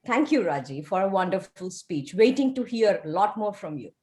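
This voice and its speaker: A woman's voice: mid-range voice, sing-song, normal speed, dark tone. A woman evaluating a club member's first speech over a video call, in an encouraging, teacherly way.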